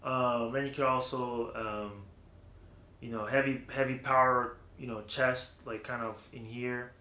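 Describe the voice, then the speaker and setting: A man's voice: medium pitch, little pitch movement, measured pace, pushed and bright. Rambling man teaching voice in a roomy space. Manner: rambling, filler-heavy, demonstrates vocal placements. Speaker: vocal coach. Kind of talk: casual vocal technique lesson. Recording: roomy echo.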